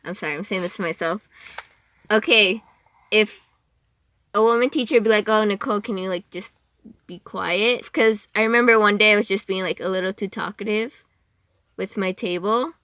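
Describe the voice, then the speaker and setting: A woman's voice: mid-range voice, moderate pace, long pauses, bright, forceful tone, no echo. A young woman chatting as a podcast guest, rambling, giggling and cutting herself off mid-sentence. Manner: rambling, giggly, self-interrupting. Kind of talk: casual chat.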